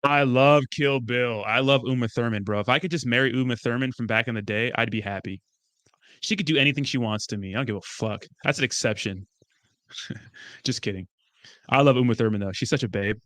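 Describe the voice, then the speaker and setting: A young man chatting casually as a streamer, rambling and excitable, swearing often and breaking into laughs. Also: mid-range voice, brisk, no room sound, clean studio sound. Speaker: crypto streamer. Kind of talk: casual chat.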